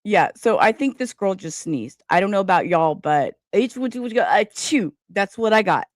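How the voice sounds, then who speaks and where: A woman's voice: medium pitch, lively intonation, moderate pace, no room sound, clean studio sound. A woman hosting a casual true crime live stream, chatting straight to her viewers.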